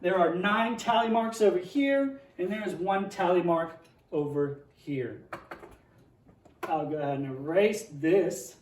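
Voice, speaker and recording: A man's voice: high-pitched, a little mellow, echoey room, distant mic, slight background noise. A man teaching young children, playfully reading a tongue-twister picture book aloud and then explaining a math lesson at a board.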